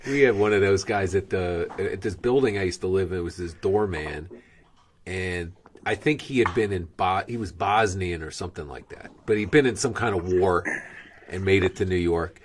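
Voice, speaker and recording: A man, a comedian guest on a podcast, chatting casually with lively swearing and bursts of laughter. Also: low-pitched, moderate pace, slight background noise. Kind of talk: casual chat.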